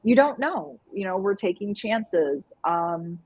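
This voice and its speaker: A woman co-hosting a casual live-stream chat speaks slowly in a soft, breathy voice of ordinary middle pitch. She rambles in a lively way and laughs often, and the audio sounds dull.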